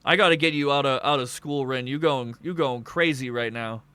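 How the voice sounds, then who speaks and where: A man hosting a livestream, chatting casually with viewers. He jokes, swears often and breaks into sudden shouts. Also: mid-range voice, normal speed, clear, resonant tone, dry recording. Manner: excitable, joking, swears a lot, bursts into shouts. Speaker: streamer host of a wrestling show.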